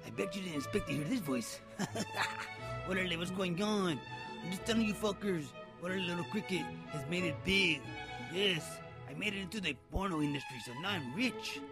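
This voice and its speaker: A man's voice: sits high, a little fast, voice pushed down. A man voicing a boastful male ex-con who has made it rich, bragging crudely with slang over a music bed. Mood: swaggering. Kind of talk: comedy character monologue. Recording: loud music bed behind voice.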